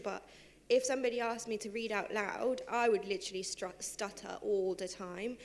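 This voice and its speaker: A young woman who is a guest on a live panel, talking quickly and casually about her life, with plenty of fillers and laughing at herself. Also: mid-range voice. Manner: fast, chatty, lots of fillers, laughs at herself. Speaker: panel guest, civil servant and henna artist. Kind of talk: live panel talk, personal storytelling. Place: theatre stage.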